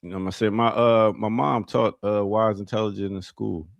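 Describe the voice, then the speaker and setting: A man's voice: fairly low pitch, fairly even intonation, normal speed, vocal fry, no room sound, dull audio. A man hosting a morning talk show, chatting in a laid-back, slangy way. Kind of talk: casual radio banter.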